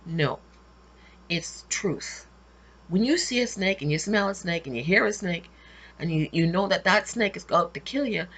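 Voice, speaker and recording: A woman's voice: fairly low pitch, fairly bright tone, slightly rough. A woman host giving a preachy religious monologue to camera, emphatic and repetitive, often restarting her words. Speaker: video host.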